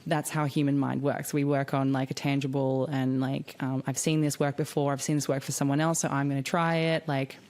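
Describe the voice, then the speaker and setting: A woman's voice: very deep voice, level tone, fairly quick, few pauses, darkish tone. A young woman hosting a podcast, talking in a casual, candid way with lots of fillers and frequent swearing. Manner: chatty and candid, swearing freely, many fillers. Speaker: podcast host. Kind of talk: casual spiritual podcast monologue.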